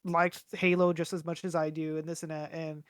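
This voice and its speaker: A man's voice: a little high, level tone, fairly quick, smooth, no room sound, clean studio sound. A young man co-hosting a podcast, telling a rambling, swear-filled story with lots of fillers. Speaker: podcast co-host. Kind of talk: casual chat.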